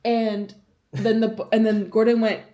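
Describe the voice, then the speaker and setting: A woman's voice: a little high, little pitch movement, unhurried, warm tone. Woman, late 20s, from New York, vlog host, casual and chatty, swears freely, echoey room. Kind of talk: casual chat. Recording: roomy echo.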